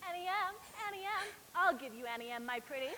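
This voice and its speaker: A woman's voice: sits high, lively intonation, fast talker, bright, forceful tone. A teenage girl playing a cruel, gloating witch on a school stage, taunting in a mock-sweet voice. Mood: menacing. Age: teens. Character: cruel scheming witch woman, gloating and menacing. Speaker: student actor. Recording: noisy stage recording.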